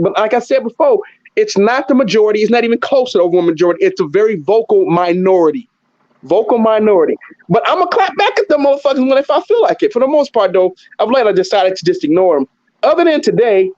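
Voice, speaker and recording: A man's voice: high voice, no room sound, highs cut off. A man hosting, talking in a blunt, profane, heated way and often repeating himself. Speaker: host. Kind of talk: heated casual commentary.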